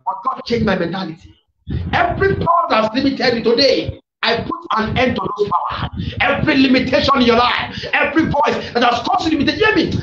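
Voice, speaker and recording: A man's voice: extremely high pitch, expressive, brisk. A man preaching a fervent sermon, declaring and repeating phrases over the congregation. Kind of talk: shouted prayer-meeting sermon. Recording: echoey, dull lo-fi with faint noise.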